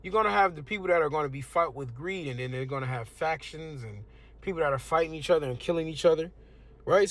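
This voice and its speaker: A man's voice: on the high side, vocal fry. Give me a young American man sharing a preachy, conversational religious testimony. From United States. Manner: casual, conversational, preachy asides. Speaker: testimonial speaker.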